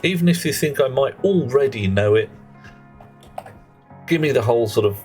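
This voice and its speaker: A man's voice: medium pitch, animated, normal speed, long pauses, darkish tone, faint music behind. A British man streaming live, chatting casually with viewers in a cheeky, rambling way that slips into mock rants.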